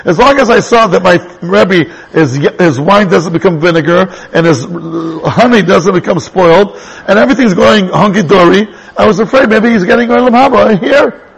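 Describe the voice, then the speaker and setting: Man, rabbi teaching a class, animated, high-pitched, raspy. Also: normal speed, few pauses, rough recording. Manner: animated, jumps between English and Hebrew terms, restarts sentences. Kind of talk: lively Torah lecture.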